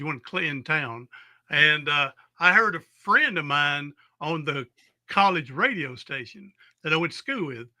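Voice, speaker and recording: Host: man, upbeat and folksy, bright higher voice, dry close sound. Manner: folksy, exuberant pep talk, rambling asides. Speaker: podcast host. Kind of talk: casual interview chat.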